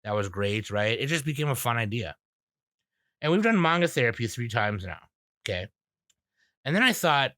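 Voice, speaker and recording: A man's voice: mid-range voice, big pitch swings, normal speed, pauses often, bright, forceful tone, dry recording, clean studio sound. A man hosting a podcast, bantering casually with crude jokes and rambling through stories. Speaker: podcast host.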